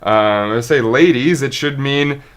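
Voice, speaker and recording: A man's voice: medium pitch, unhurried. Rambling, earnest male streamer. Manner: rambling, earnest, restarts and trips over words. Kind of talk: unscripted monologue to camera.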